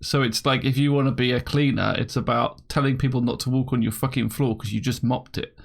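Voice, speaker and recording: A man's voice: medium pitch, fairly even intonation, brisk, creaky, slight background noise. A man from Britain hosting a casual podcast chat, laughing often and reading listener questions aloud. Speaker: podcast host.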